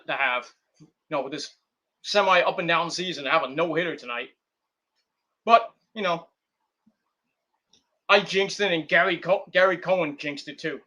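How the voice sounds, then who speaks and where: A man's voice: a little high, moderate pace, long pauses, sharp tone. A man hosting a casual wrestling talk stream, rambling and profane, with many restarts and fillers. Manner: rambling, profane, full of "you know" and restarts. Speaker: streamer host.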